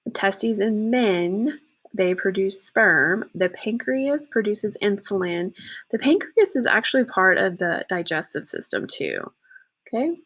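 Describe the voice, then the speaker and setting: A woman's voice: medium pitch, lively intonation, a little slow, fairly bright tone. Woman teacher, casual class talk, lots of okays and ums. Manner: casual, repeats "okay" and "um" often. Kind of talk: classroom lesson to students.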